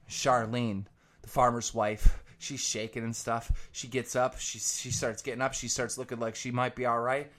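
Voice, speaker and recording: A man commentator telling a rambling, profane comic story with animated energy. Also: medium pitch, normal speed.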